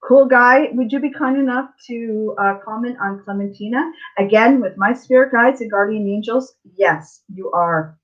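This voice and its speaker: A woman's voice: fairly high pitch, moderate pace, muffled recording. A woman tarot reader hosting a live stream, talking casually to viewers about life lessons, repeating herself and often asking "right?". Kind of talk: casual spiritual talk to viewers.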